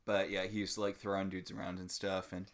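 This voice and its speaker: A man's voice: sits low, monotone, moderate pace. A man co-hosting a podcast, chatting about a TV episode with dry, joking banter. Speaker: podcast co-host. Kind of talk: casual TV recap chat.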